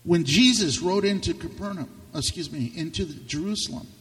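A man preaching a sermon with passion, his voice swinging from loud to hushed. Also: fairly high pitch, brisk. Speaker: pastor. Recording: reverberant hall, distant mic.

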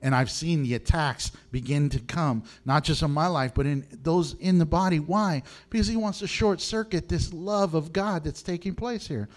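Middle-aged male pastor, high-pitched and animated, preaching with frequent laughs. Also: moderate pace, few pauses. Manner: animated, laughs often, swings from low to high. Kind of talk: sermon.

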